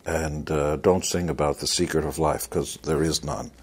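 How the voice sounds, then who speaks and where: A man's voice: very deep voice, fairly even intonation, moderate pace, a little mellow, husky. A man giving motivational success advice in a blunt, wisecracking, emphatic way. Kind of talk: motivational talk.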